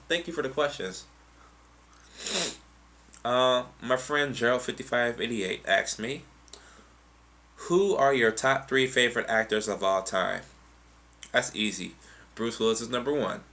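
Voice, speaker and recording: A man's voice: lowish voice, sharp tone. A young man, answering viewer questions in a casual, rambling, profane way. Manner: rambling, profane and loose, with restarts. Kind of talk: casual chat.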